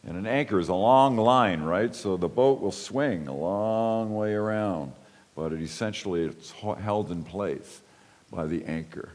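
A man preaching a sermon in a thoughtful, halting way, often pausing to reread a passage aloud. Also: fairly low pitch, expressive, darkish tone, long reverb tail. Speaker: pastor.

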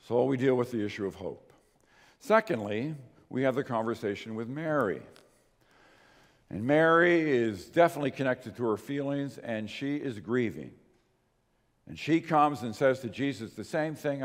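Earnest preaching man in a reverberant hall. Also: medium pitch. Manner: earnest, emphatic preaching with rises and drops. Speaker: pastor. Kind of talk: sermon.

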